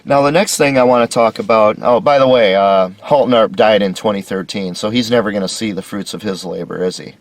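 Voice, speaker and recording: A man's voice: fairly low pitch, a little fast, few pauses. A man hosting a solo commentary lecture, talking with sarcastic, mocking emphasis. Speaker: video series host.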